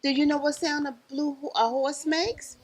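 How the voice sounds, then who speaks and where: A woman librarian reading picture books aloud to children outdoors in a park, animated and singsong, gasping and prompting the kids to join in. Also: high-pitched, normal speed, poor audio. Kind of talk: storytime read-aloud for kids.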